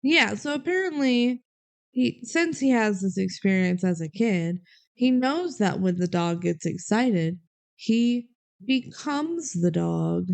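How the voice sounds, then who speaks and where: A woman co-hosting a podcast, jumping in with quick reactions and quoted lines while discussing a movie. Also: medium pitch, lively intonation, vocal fry, a little mellow. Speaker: podcast co-host. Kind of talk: casual movie recap chat.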